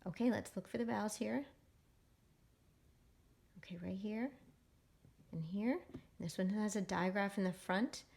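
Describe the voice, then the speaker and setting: A woman leads a phonics lesson for young readers and speaks at a middle pitch. She is patient and encouraging. She stretches each word out slowly so the children can read along. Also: creaky, a little mellow, a little hiss or hum. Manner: patient and encouraging, reading words slowly aloud. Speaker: reading teacher.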